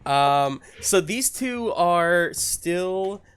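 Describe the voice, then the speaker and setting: A man narrating a tabletop game as game master, relaxed and rambling with many fillers. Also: high voice, extremely slow, a little hiss or hum.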